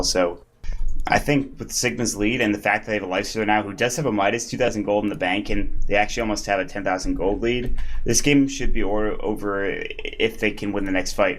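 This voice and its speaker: A man's voice: fairly low pitch, a bit bright, slight background noise. Chatty young man analysing esports. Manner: chatty analysis, lots of likes and filler. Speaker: esports caster. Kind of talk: live game commentary.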